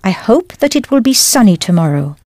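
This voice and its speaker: A woman teaching a language lesson in a clear, careful scripted delivery, spelling out words as she goes. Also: medium pitch, big pitch swings, fairly quick, a little mellow, no echo, clean studio sound.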